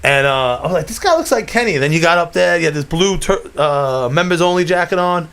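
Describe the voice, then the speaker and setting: A man's voice: fairly high pitch, fairly quick, a bit bright, clear, resonant tone. A young man, telling a wild story on his podcast, rambling, laughing often and swearing. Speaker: podcast host. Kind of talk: casual storytelling chat.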